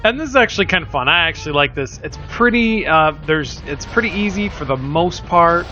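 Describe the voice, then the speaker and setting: A man's voice: a little high, lively intonation, fairly quick, pushed and bright. An older man hosting a let's play, giving rambling, self-deprecating casual commentary full of fillers. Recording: slightly dull lo-fi sound with faint music.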